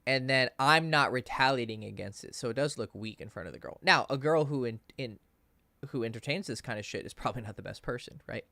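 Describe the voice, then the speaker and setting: A man's voice: medium pitch, a little fast, gravelly, no room sound. A man coaching on dating, telling a story in a casual, profane livestream Q&A and acting out the people he quotes. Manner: casual, profane, animated when quoting others.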